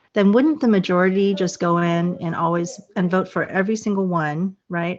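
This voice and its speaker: A woman hosting a podcast, asking a guest questions hesitantly, with many fillers and rephrasings. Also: lowish voice. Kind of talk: podcast interview. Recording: dull lo-fi audio.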